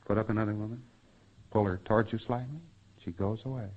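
On a muffled, dull lo-fi recording, a man with a lowish, steady voice talks fast. He lectures trainees in a folksy style, performing snippets of quoted dialogue and sound effects.

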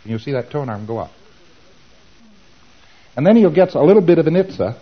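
A man's voice: a little high, very animated, a little fast, highs cut off. A man giving an informal lecture, animatedly acting out both sides of the dialogues he describes.

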